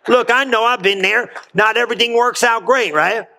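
High, bright-voiced man preaching with fire. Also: moderate pace. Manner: energetic, rousing call-and-response preaching; folksy, colloquial phrasing. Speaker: pastor. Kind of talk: sermon.

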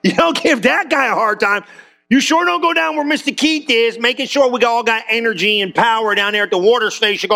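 A man's voice: extremely high pitch, fairly quick, creaky, bright, forceful tone. A man preaching a sermon to a church congregation, throwing questions back at the crowd. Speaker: pastor.

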